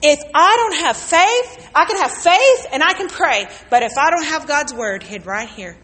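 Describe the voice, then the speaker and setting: Woman pastor preaching in a big echoey church, bright high voice, gets the crowd to answer back. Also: expressive, moderate pace. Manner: call-and-response preaching, storytelling with acted quotes. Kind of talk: sermon. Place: church sanctuary with congregation.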